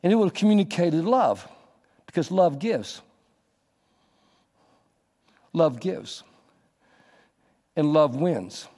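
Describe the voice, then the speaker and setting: A man preaching a sermon as pastor, animated, acting out little scenes in a raised voice. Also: fairly high pitch, unhurried, long reverb tail.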